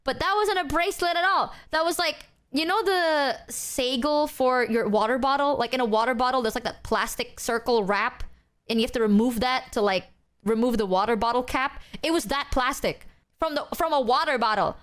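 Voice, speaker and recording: Chatty streamer woman, higher voice. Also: moderate pace, fairly bright tone, smooth. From Southeast Asia. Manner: chatty, fillers of "like", acts out quotes. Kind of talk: casual storytelling to chat.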